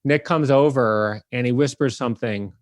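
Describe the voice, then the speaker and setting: Animated man telling a story, dry. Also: medium pitch, normal speed, no echo. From Detroit area. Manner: animated, acts out the people in his story. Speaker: podcast host telling a story. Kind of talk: casual storytelling.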